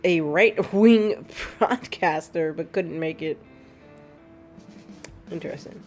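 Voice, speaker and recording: A woman's voice: deep voice, slow pace, a little mellow, faint music behind. A woman streaming a game, chatting casually and sarcastically as she plays, laughing often and sounding tired. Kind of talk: casual live-stream chat while playing.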